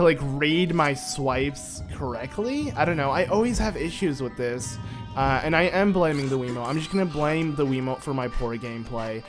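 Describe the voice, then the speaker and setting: Chatty man narrating his gameplay. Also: fairly high pitch. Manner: chatty, rambling, self-mocking sarcasm. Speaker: gaming channel host. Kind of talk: casual let's-play commentary.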